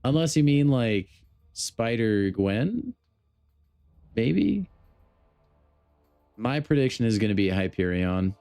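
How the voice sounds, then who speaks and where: A man's voice: medium pitch, lively intonation, slow, pauses often, warm tone, clear, resonant tone, dry recording, faint music behind. A man chatting casually on a gaming live stream, joking and talking straight to his chat. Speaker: game streamer.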